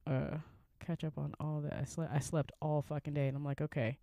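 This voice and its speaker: A woman's voice: sits low, flat delivery, a little fast, gravelly, warm tone, no echo, clean studio sound. A young woman hosting her own podcast in a rambling, chatty way, with a groggy morning voice. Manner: rambling, chatty, laughs easily. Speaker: podcast host. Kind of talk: casual solo podcast chat. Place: van.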